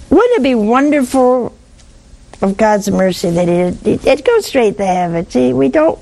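A woman giving gentle, folksy spiritual counsel to a caller, often checking in with "see?". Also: fairly high pitch, very animated, takes it slowly, pauses often, poor audio. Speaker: religious advice host.

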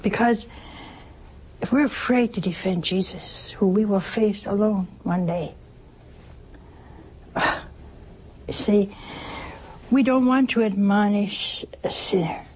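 A woman's voice: medium pitch, slow, pauses often, a little mellow, husky. An older woman preaching a sermon in a homespun, teasing way, asking rhetorical questions and acting out little everyday scenes. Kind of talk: sermon on works of mercy.

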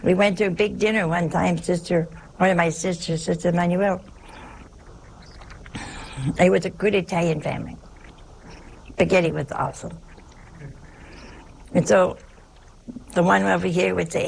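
A woman's voice: lowish voice, steady tone, moderate pace, creaky, long pauses, a little hiss or hum, rough recording. A woman, a nun, preaching a folksy sermon in a chatty, humorous way, full of rhetorical questions.

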